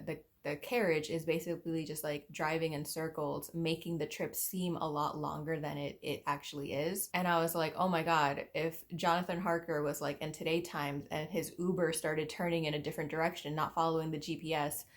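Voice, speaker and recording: Chatty, rambling lower-voiced book vlogger. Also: female voice. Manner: chatty and self-deprecating, with frequent "like" fillers. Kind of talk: casual rambling book chat.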